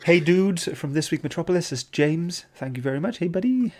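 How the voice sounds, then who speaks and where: A man's voice: on the high side, animated, brisk, a little mellow. A man hosting a casual podcast chat, reading out viewer comments and joking with his co-hosts. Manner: chatty, reads out viewer comments. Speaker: host.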